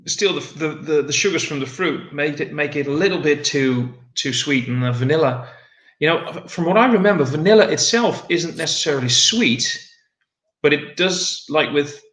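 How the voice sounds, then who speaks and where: Male guest, bright, slightly high voice, rambling casual chat over a call in an echoey room. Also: moderate pace. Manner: rambling, frequent restarts.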